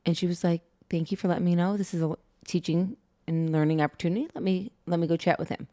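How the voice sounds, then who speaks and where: Middle-aged woman co-host, chatty, animated storyteller, lowish voice. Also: fast talker. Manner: animated storytelling, laughs often. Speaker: podcast co-host. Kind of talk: casual chat.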